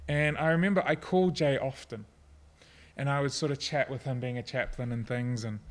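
A middle-aged man preaching a sermon, earnest and personal, at times soft and reflective. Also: medium pitch, fairly even intonation, fairly quick, slight background noise. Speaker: pastor.

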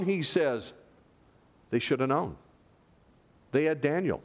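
A man preaching a sermon as a pastor, lively, rising loud for quoted lines and dropping to hushed tones. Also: on the high side, unhurried, pauses often.

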